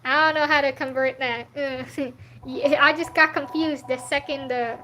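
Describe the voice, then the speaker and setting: A woman's voice: sits high, fairly even intonation, moderate pace, sharp tone, low-quality recording. A young woman streaming her artwork, chatting casually with viewers, answering their comments and laughing easily. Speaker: artist streaming a drawing session.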